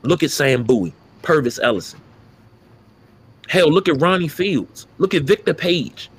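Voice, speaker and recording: A man's voice: on the high side, animated, a little slow, slightly rough. A man co-hosting a casual sports talk podcast, emphatic and profane as he rants about players. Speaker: podcast co-host.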